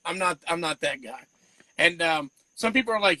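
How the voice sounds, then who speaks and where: A man from Georgia, hosting a casual live-stream chat, rambling fast and laughing often. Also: sits high, a loud crowd, rough recording. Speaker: podcast host.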